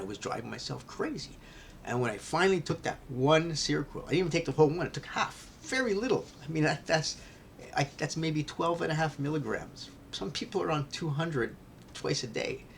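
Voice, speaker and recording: A man telling a candid personal vlog story, rambling with many restarts and often dropping to a hushed near-whisper. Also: on the high side, lively intonation, fairly quick, creaky, a little hiss or hum.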